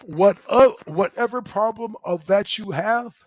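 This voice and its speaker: A middle-aged man giving a motivational relationship talk as host, loud and emphatic, often checking in with "right?". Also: sits high, a little slow, dry recording, poor audio. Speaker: relationship coach and show host.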